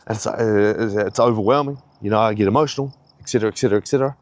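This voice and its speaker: A man's voice: fairly low pitch, rapid-fire, a little mellow, dry recording. A young man giving a rambling, heavily profane pep talk in a casual vlog, a little out of breath. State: slightly out of breath. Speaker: fitness vlogger.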